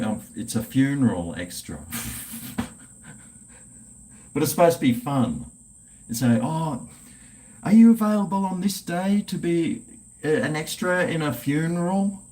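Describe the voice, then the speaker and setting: A man's voice: mid-range voice, warm tone. A man hosting a casual livestream chat, laid-back and swearing freely while drinking. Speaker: livestream host.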